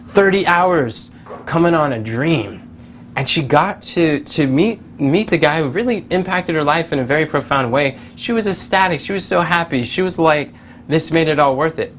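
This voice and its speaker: A man giving a casual motivational talk, telling stories with lively quoted voices and many fillers and restarts. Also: on the high side, a little hiss or hum. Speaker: motivational speaker.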